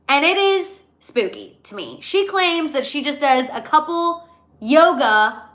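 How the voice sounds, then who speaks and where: Young woman spilling gossip on a livestream, high bright voice, super animated. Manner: animated, gossipy, reads out viewer comments. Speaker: gossip show host. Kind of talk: casual livestream chat.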